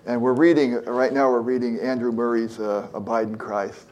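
A man's voice: medium pitch, steady tone, moderate pace, a little mellow. A man in his seventies preaching a conversational sermon, earnest, repeating phrases for emphasis and acting out prayers. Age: 70s.

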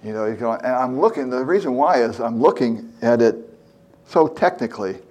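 A man's voice: medium pitch, animated, normal speed, a little mellow. Older male preacher, 70s, plain chatty sermon delivery, earnest, leans on repetition. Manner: earnest, repeats phrases for emphasis, acts out prayers. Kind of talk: conversational sermon.

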